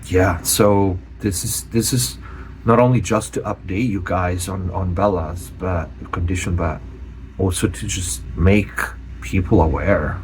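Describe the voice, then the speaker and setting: A man from Europe, a channel host giving a personal update, speaking earnestly with many pauses and restarts. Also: sits low, fairly even intonation, a little mellow, slight background noise.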